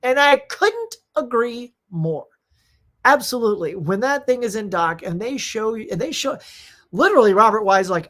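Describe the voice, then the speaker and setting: Excitable, rambling woman hosting a live chat. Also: medium pitch. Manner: excitable, rambling, slangy, with quick laughs. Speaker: host of a live movie chat show. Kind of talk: casual live-stream chat, reading viewer comments.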